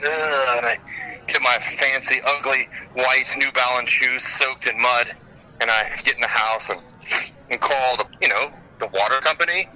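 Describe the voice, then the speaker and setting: Male co-host, punchy bright tone, animated storyteller, phoned in. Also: mid-range voice, poor audio. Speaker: podcast co-host. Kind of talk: casual storytelling chat. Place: airport.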